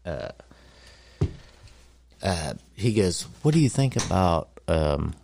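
Slow, very deep-voiced man. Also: sing-song, creaky, darkish tone, slight background noise. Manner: halting, many ums and uhs. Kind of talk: casual storytelling.

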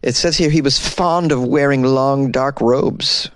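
A man's voice: a little slow, dry recording. A man doing comic news commentary, reading headlines aloud and mocking them with sarcastic, wry asides. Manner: sarcastic and wry, with sudden incredulous jumps in pitch.

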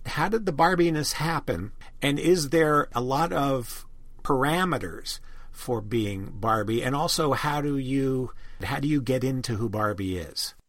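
A man's voice: medium pitch, a little slow, fairly bright tone, no room sound. Enthusiastic man hosting an interview. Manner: enthusiastic, rambling questions. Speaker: podcast host.

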